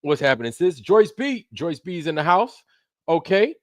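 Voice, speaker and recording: A man's voice: fairly high pitch, sing-song, moderate pace, dry recording, clean studio sound. Loose, profane New man. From Brooklyn, New York. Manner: loose and profane, drops into put-on voices. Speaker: livestream host. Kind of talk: casual livestream chat greeting viewers.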